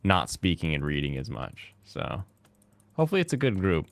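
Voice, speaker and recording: Low-ish guy hosting a chill chat while gaming, lots of uh and like, dry mic. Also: huge pitch swings, gravelly, dry recording. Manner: rambling, halting with many fillers. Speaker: host.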